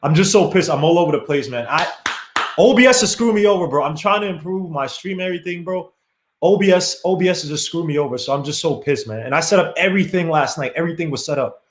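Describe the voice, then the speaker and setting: A man's voice: fairly high pitch, fast. A man hosting a live podcast stream, casually commenting on a basketball game while griping about his streaming setup, with lots of fillers and restarts. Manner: frustrated, apologetic, rambling with many fillers. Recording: echoey room.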